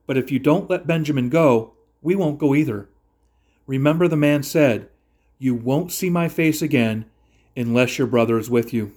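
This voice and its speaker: A man's voice: medium pitch, normal speed, darkish tone, close to an everyday voice. Man reading grown brother, persuasive, promises responsibility. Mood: firm. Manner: urgent, persuasive. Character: earnest grown brother, pleading and urgent.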